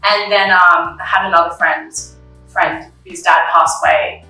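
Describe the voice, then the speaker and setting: A woman's voice: on the low side, steady tone, measured pace, bright, forceful tone, far from the mic. A young woman, talking candidly and emotionally as an interview guest, often acting out her own past conversations. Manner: candid, emotional, retells her own past dialogue, many likes and ums. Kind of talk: personal conversation about grief. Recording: echoey room, voice off-mic, faint music.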